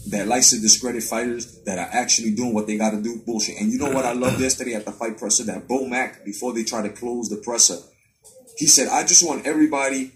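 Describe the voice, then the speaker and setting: Male live-stream host, mid-pitched, heated and profane, repetitive rant delivery. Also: low-quality recording. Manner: heated, swears constantly, repeats points. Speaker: boxing commentary host. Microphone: live-stream webcam mic.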